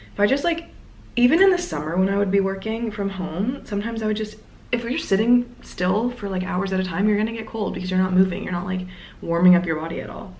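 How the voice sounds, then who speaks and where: This young vlogger has a darkish, mid-range voice with vocal fry. She rambles casually through a day-in-the-life video in her apartment, trailing off into asides, and the recording sounds roomy with a bit of background noise.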